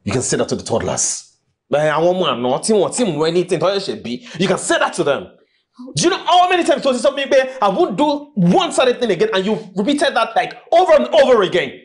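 An exasperated husband waves away his wife's apologies. His delivery swings widely in pitch, and his tone is dismissive and weary. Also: sing-song, fast. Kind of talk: Nollywood film acting.

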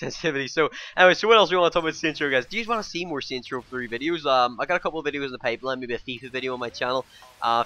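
Brief: male gaming vlogger, quick, bright and tense in tone, rambling chat on a dull lo-fi dry mic. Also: mid-range voice, no echo. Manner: rambling, many fillers, keeps addressing viewers as guys. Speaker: gaming YouTuber. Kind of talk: casual game first-impressions vlog.

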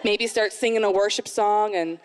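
A woman in her thirties performing a stand-up comedy set, animated, jumping into sudden high put-on voices. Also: normal speed, long reverb tail. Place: live comedy event venue.

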